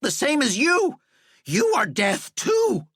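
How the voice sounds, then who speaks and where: A man's voice: huge pitch swings, slow, a bit bright, husky, dry recording, clean studio sound, exaggerated voice. A man voicing a short, panicky man who shrieks and screeches in terror. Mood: panicked shrieking. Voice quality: shrill, screeching.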